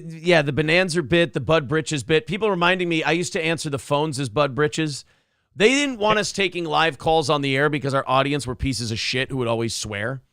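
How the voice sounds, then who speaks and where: A gravelly, bright man hosts a morning show. He jokes crudely and swears freely in loose banter. The sound is dry and close. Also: a little high, no room sound. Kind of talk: casual radio show banter.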